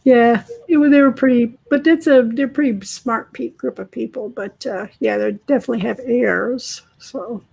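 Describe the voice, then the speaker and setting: A woman from New Jersey, a guest reader, chatting warmly and encouragingly on a video call. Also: a little high, normal speed, vocal fry, hardly any pauses, husky, poor audio. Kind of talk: casual chat on a video call.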